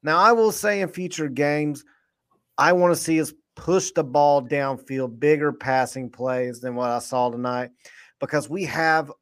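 Guy in his 30s, kinda high voice, rambling and fired up on a sports pod. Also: a little slow, smooth. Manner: animated, rambling, lots of restarts. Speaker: podcast co-host. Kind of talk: excited postgame sports chat.

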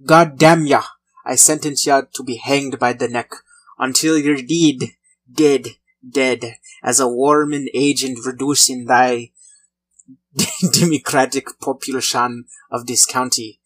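A man's voice: mid-range voice, steady tone, a little slow, fairly bright tone, husky. A man voicing a stern old frontier judge in a put-on Irish-pirate brogue, bellowing and drawn out. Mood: blustering.

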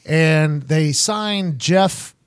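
A man in his thirties, a podcast host and former punter, telling stories in a loose, profane, animated way. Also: on the high side, very slow, clear, resonant tone. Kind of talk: casual storytelling chat.

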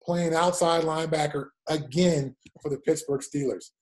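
A man's voice: on the high side, moderate pace. A man in his forties, a former football player, telling stories in an interview and acting out quotes. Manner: animated anecdotes with acted-out quotes. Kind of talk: storytelling interview.

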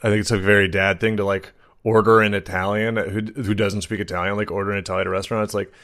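A man's voice: fairly low pitch, level tone, fast, fairly bright tone. A man co-hosting a podcast in casual chat, telling rambling, jokey stories full of fillers. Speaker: podcast co-host.

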